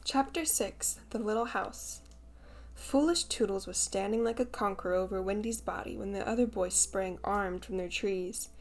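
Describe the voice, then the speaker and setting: A woman narrates a classic children's tale in a measured, expressive reading voice. Her pitch sits in the middle range, and her delivery is steady. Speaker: audiobook narrator. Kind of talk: scripted storybook narration.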